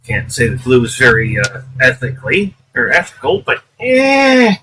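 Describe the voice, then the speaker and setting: A man's voice: medium pitch, wildly swooping pitch, normal speed, bright, forceful tone, far from the mic, a little hiss or hum, poor audio. A man giving casual, profane commentary on a live stream, laughing often.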